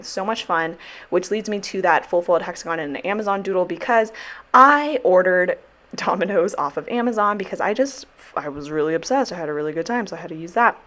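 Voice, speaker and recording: Fairly low in pitch but bright in tone, this young woman talks casually as she sticker-plans her week. A teacher who vlogs about planners, she wanders from topic to topic, swearing often and making playful apologies.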